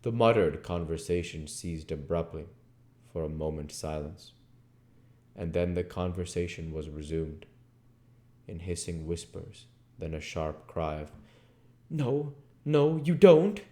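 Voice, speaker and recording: Slow, deep-voiced male audiobook reader. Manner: slow, expressive reading. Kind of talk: audiobook narration.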